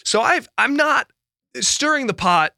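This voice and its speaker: A man's voice: very high voice, animated, a little slow, creaky, sharp tone, no room sound, studio quality. A man who is a pastor and podcast co-host, talking thoughtfully in a casual discussion, with frequent restarts and laughter.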